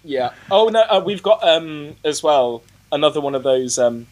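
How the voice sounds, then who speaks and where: A man's voice: a little high, lively intonation, moderate pace, darkish tone. Rambling, filler-heavy young man. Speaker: podcast co-host. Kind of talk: casual film-review chat.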